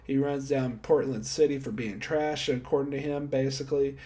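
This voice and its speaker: A young man talks through a wrestling episode in a loose, chatty way, handing out star ratings as he goes. He pokes fun at himself and laughs easily. His voice sits at an ordinary middle pitch for a man. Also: little pitch movement, moderate pace, warm tone. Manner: chatty, self-deprecating, laughs often. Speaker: wrestling show reviewer. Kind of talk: casual solo recap with star ratings.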